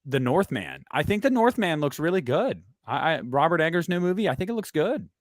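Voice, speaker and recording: A man's voice: fairly high pitch, sing-song, a little fast, no echo, studio quality. A man co-hosting a podcast, rambling through a casual chat with frequent restarts. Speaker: podcast co-host.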